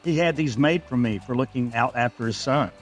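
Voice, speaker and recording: Male narrator as a somber, guilt-worn officer in an audio story; low, restrained read. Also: brisk, faint music behind, lightly acted.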